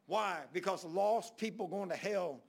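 Male preacher, high gravelly voice, folksy storyteller who acts out dialogue. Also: measured pace. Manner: folksy, rambling Southern preacher talk with quoted dialogue. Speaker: pastor. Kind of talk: storytelling sermon.

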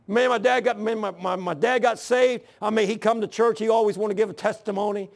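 A man in his sixties preaching a sermon in church, mixing scripture with personal testimony in a folksy, earnest storytelling way with rough grammar. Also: high-pitched, fairly even intonation, a little fast, hardly any pauses.

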